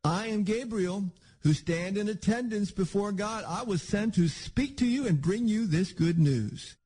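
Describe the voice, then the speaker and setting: A man's voice: sits high, unhurried, darkish tone, husky, pitched above the performer's own voice. A man voicing an indignant, easily offended male archangel who scolds in a raised, emphatic voice. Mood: stern.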